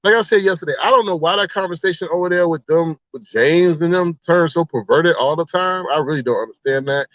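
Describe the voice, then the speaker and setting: Animated man telling gossip on a livestream. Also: fairly high pitch, brisk, hardly any pauses, no echo, highs cut off. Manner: animated storyteller who acts out quoted exchanges. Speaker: livestream host. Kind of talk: casual gossip commentary to a live chat.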